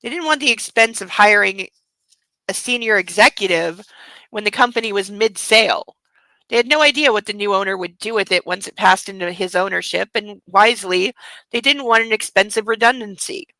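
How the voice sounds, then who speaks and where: A woman reading the lines of a possessive, controlling young rich man in a plain, hushed read-aloud voice. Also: mid-range voice, moderate pace, no echo, low-quality recording. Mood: intense.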